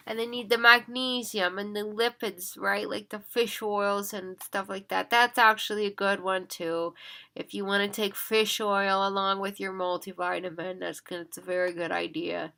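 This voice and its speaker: A woman's voice: medium pitch, creaky, pushed and bright. Tired, pleading woman with a lilt. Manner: earnest, pleading, with repetitions and restarts. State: tired, yawning. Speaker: vlogger. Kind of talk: casual monologue to camera.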